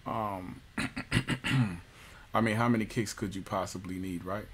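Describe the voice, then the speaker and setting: A man giving a casual music software tutorial, loose and jokey, with slang and lots of fillers. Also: lowish voice, fairly even intonation, slow, breathy edge. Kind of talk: casual screen-recorded tutorial.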